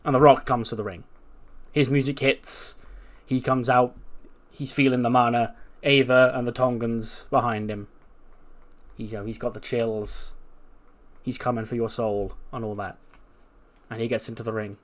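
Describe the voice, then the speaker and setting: A man's voice: mid-range voice, level tone, moderate pace. Casual man narrating a wrestling sim game. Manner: casual, chatty, many fillers.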